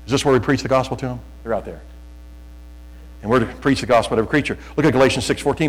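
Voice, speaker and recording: Man, middle-aged, pastor, fervent sermon, loud bursts, mains hum. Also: medium pitch, very fast, rough recording. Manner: fervent, loud, repeats words, shifts to sudden loud bursts.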